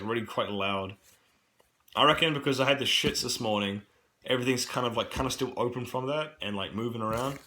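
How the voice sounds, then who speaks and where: A young man with a New Zealand accent tells a rambling vlog story, full of fillers and swearing. His voice sits a little low but sounds bright and forceful. A cold leaves him coughing now and then. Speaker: camp worker vlogging. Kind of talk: casual rambling vlog monologue.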